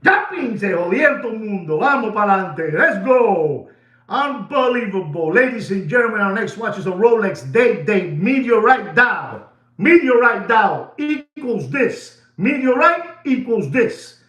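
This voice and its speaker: A man's voice: sits high, expressive, a little slow, a bit bright, reverberant. A man hosting a casual watch market update, emphatic and repetitive, swinging his voice up and down for drama.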